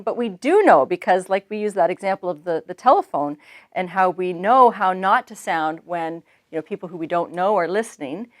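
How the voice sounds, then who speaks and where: A woman co-hosting a marriage devotional, talking earnestly in a casual teaching chat, with halting restarts. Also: lowish voice, lively intonation.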